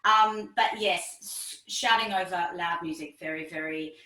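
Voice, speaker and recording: A woman vocal teacher explaining singing technique as a podcast guest, lively, demonstrating with her voice and laughing often. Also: on the low side, measured pace, far from the mic. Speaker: vocal pedagogy specialist, guest. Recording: echoey room, a bit off-mic.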